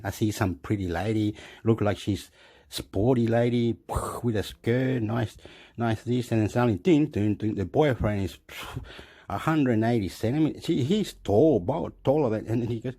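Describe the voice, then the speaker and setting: A man's voice: mid-range voice, moderate pace, mellow. Laughing man. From Chile. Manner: laughs often, stammering restarts. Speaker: vlogger. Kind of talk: rambling casual storytelling.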